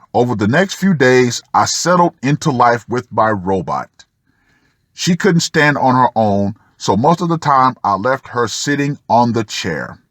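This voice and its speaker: A man's voice: medium pitch, a bit bright, dry recording, clean studio sound. A man reading a first-person article aloud and breaking off for sardonic asides to the listener. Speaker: channel host reading an article.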